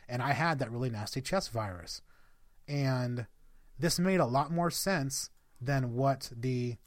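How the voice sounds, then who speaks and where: A man's voice: medium pitch, no echo, clean studio sound. A man hosting a podcast, telling a personal story to his listeners in a loose, chatty way with plenty of fillers. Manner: conversational, addresses listeners as guys, many fillers. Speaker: podcast host.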